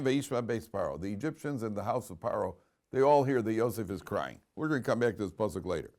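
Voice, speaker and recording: A man teaching a lively Torah class as a rabbi, telling stories, restarting his sentences and chanting Hebrew verses slowly. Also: on the low side.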